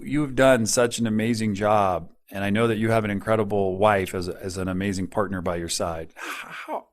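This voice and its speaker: Lower-voiced man, effusive interviewer. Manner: effusive, praising, repeats words. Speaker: podcast host.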